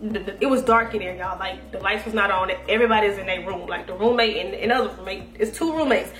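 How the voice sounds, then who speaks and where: A young woman telling a profane, animated story to her viewers, quoting herself and her friends as she goes. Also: medium pitch, fast talker. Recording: echoey room with faint music.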